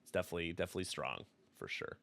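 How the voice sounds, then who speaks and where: A young man commentating a tabletop game over a voice call, his tone bright and forceful, recorded dry and close. He jokes around, laughs easily and reels off upgrade lists at speed. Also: deep voice, sing-song, racing, vocal fry, no echo. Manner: joking, laughs often, rattles off upgrade lists.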